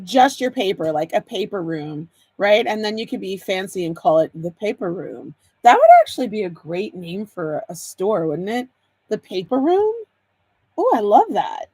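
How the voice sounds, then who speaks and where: A bubbly woman hosts a live card-making stream, chatting freely, laughing often and welcoming viewers by name. Her voice sits at an ordinary middle pitch for a woman. The sound is dry and close, with no room echo. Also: darkish tone.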